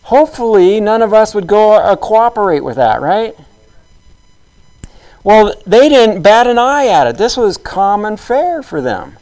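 A man's voice: sits high, very animated, unhurried, a little mellow, low-quality recording. A man preaching a sermon in a conversational, storytelling way, acting out the quotes of the people in the story.

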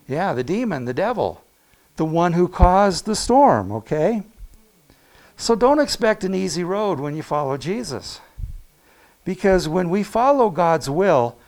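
A man preaching a sermon to his congregation, talking to them directly with asides and quick laughs, and swinging between loud calls and near-hushed moments. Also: on the high side. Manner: animated preaching with big swings in loudness, dropping to a hush. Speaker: pastor.

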